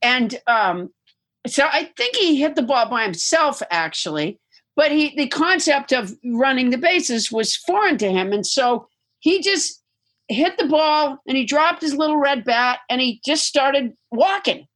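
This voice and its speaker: A woman's voice: sits high, sing-song, measured pace, fairly bright tone. A woman from Massachusetts, chatting casually as a guest and telling amused stories. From Massachusetts, USA. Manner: anecdotal storyteller, amused, chatty. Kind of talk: casual chat.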